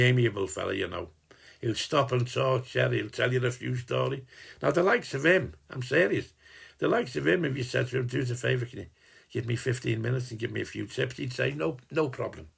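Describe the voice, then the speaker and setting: A man's voice: medium pitch, vocal fry, fairly bright tone, husky. A man with a Liverpool accent recording a rambling, teasing personal message to one listener, dropping in mild swearing as he goes. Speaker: sender of a personal video message.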